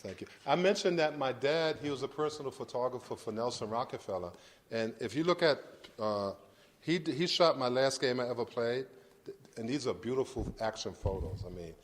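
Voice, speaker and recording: In an animated, fairly quick, mid-range voice, a middle-aged man gives an informal university lecture as a guest to an audience. He speaks conversationally, repeating and restarting often, and checks in with "does that make sense."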